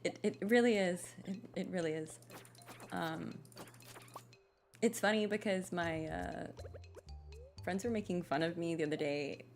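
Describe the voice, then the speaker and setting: A woman's voice: on the low side, measured pace, pauses often, faint music behind. A young adult woman giving casual, rambling commentary while playing a game, often laughing at herself. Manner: giggly, rambling, self-deprecating. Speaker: gaming streamer.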